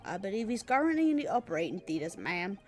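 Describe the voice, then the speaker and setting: A woman's voice: mid-range voice, very animated, quick pace, a little hiss or hum, natural voice. A woman doing a polite British constable. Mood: formal. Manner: formal, deferential. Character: polite British male police constable, formal.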